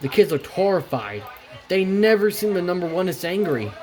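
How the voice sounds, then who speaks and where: A woman's voice: lowish voice, sing-song, moderate pace, a little mellow. Woman narrating a homemade train tale. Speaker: storyteller.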